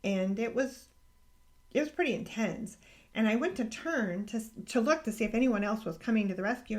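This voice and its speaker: A middle-aged woman telling a personal faith story in a casual, earnest way, growing emotional and halting with restarts. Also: mid-range voice. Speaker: podcast host sharing a personal faith story.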